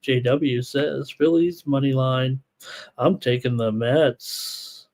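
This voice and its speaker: Running a live sports betting show, a man with a mid-range, darkish voice rattles off odds and stats. He reads viewers' picks from the chat aloud and adds casual asides.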